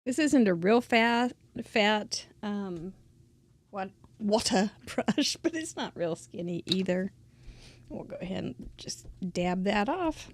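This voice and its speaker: A woman's voice: mid-range voice, dry recording. A woman giving a chatty, casual crafting tutorial, drifting into asides and laughing often. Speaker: crafting instructor.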